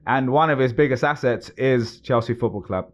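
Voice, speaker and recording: A man's voice: medium pitch, normal speed, lo-fi sound. A man co-hosting a podcast, chatting casually and explaining at length in loose sentences, often laughing. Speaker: podcast co-host. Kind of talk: casual chat.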